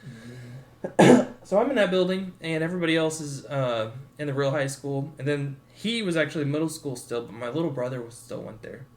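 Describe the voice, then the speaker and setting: A man's voice: on the high side, normal speed, a little mellow. Young man telling a wild story. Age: 20s. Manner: laid-back, acts out quotes with swearing and laughter. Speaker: podcast co-host. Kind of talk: casual storytelling.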